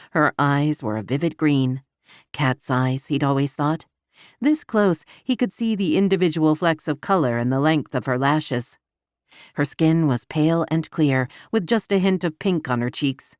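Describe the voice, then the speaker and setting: Brief: female audiobook narrator, low voice, dry close studio sound, even intimate delivery. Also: unhurried, no echo. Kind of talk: scripted romance narration.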